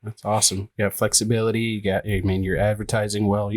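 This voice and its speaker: A man's voice: fairly low pitch, fast talker. Laid-back man hosting a chatty podcast. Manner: laughs often, animated retelling with crude jokes. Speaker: podcast host. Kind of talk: casual chat.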